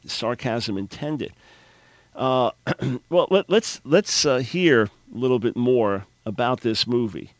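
A man's voice: mid-range voice, takes it slowly, no echo. A man hosting a talk radio show, delivering an opinionated monologue with sarcasm and frequent stammered restarts.

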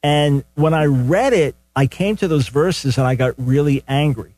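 A man's voice: on the high side, a little slow, a little mellow, no room sound. An older man hosting a call-in radio show, teaching from the Bible in an earnest, conversational way and often repeating words as he starts a sentence. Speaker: radio talk show host. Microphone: studio microphone.

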